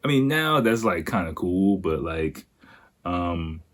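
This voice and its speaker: A man's voice: deep voice, slow. Laughing man telling a wild story. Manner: laughs often, animated, acts out voices. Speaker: podcast host. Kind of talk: casual storytelling.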